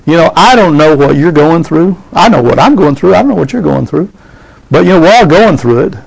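Preacher guy in church, kinda high voice, keeps asking the crowd amen?. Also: brisk, vocal fry, breathy edge, poor audio. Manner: lively preaching, calls out "amen?" to the congregation, reads scripture aloud. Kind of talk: sermon.

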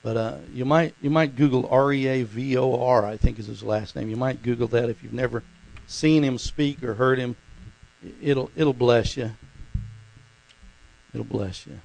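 A man's voice: mid-range voice, steady tone, moderate pace, creaky, darkish tone, rough recording. A man preaching a sermon, telling a story in a rambling way with repeated words and bursts of fervent emphasis.

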